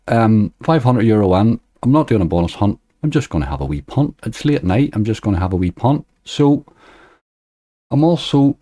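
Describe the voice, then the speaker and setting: A man's voice: mid-range voice, sing-song, moderate pace, warm tone, dry recording, studio quality. A man hosting a casual livestream, chatting loosely and reading out viewers' messages into a desk microphone. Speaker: slots livestreamer. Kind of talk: casual live-stream chat.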